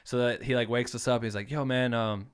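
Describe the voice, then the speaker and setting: A man's voice: medium pitch, fairly even intonation, brisk, clean tone. A man in his thirties from Iowa, a podcast guest telling rambling, swear-filled stories in casual chat. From Iowa, United States. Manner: swears freely, rambling anecdotes full of likes. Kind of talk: casual storytelling.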